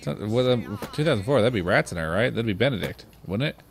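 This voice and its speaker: A man's voice: fairly low pitch, expressive, quick pace, vocal fry. A man co-hosting a let's play, chatting casually with dry, teasing corrections. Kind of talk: casual gameplay commentary.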